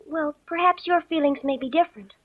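A man voicing a shy, polite, puzzled young girl in a hesitant falsetto, recorded in tinny lo-fi. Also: brisk. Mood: polite puzzlement. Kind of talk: audiobook character voice.

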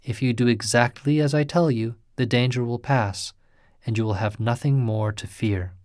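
A man's voice: mid-range voice, normal speed, darkish tone, no echo, clean studio sound, natural voice. Protective old priest read by a man, solemn, earnest, storybook ghost tale. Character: kindly old Buddhist priest, anxious and protective.

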